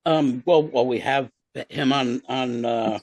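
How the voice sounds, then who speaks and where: A man in his sixties co-hosting a casual podcast, halting and self-deprecating, full of fillers. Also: mid-range voice, darkish tone, no echo. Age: 60s. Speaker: podcast co-host.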